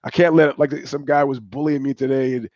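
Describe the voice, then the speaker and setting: Talking fast in a steady, mid-range, slightly mellow voice, an older man hosts a livestream with no room sound. His casual monologue rambles and digresses, with plenty of profanity, all over dull, dry, lo-fi stream audio.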